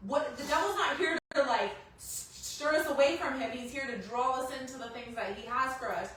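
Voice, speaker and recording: A woman sharing a personal testimony with a small church group, an animated storyteller who laughs often and acts out her own panic. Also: high voice, fairly quick. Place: house church gathering room. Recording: echoey room, distant from the mic.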